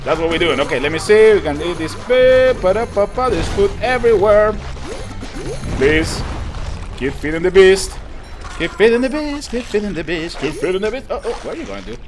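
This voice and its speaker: A hyped young man commentating his own gameplay, his voice high and swinging wildly up and down as he laughs and shouts. Game music plays clearly underneath him the whole time. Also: animated, brisk. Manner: hyped, laughing, exclaiming, repeating lines. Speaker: gaming channel host. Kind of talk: excited let's-play commentary.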